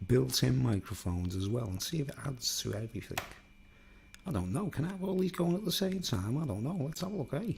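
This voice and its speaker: A man with a Liverpool accent chatting casually to viewers from a home studio in a block of flats, rambling and self-mocking on a studio microphone. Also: medium pitch, vocal fry, slight background noise. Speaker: YouTuber. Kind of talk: casual chat to camera. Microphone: studio microphone, then a recorder's built-in mics.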